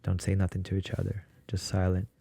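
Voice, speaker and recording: A man's voice: low voice, completely flat delivery, a little fast, creaky, warm tone, breathy edge. A man from Ukraine, a podcast guest, telling his story in a blunt, casual way and swearing freely. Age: 20s.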